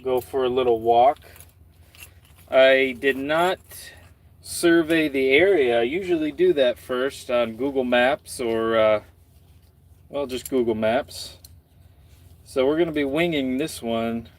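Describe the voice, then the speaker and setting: A man's voice: medium pitch, slow pace, long pauses. A man talking casually on a live stream from his parked truck at night, rambling with dry, self-mocking asides.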